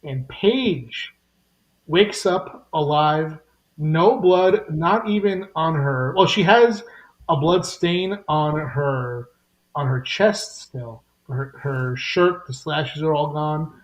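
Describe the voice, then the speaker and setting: A man co-hosting a podcast, recapping a comic in an animated storytelling way. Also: fairly high pitch, slow, lo-fi sound. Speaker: podcast co-host. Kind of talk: casual chat, recapping a comic.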